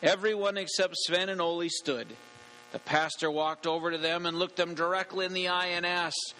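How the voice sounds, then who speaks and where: A male pastor reading scripture and preaching a sermon in a measured, earnest way, in a church. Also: a little high, fairly even intonation, sharp tone. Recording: long church reverb.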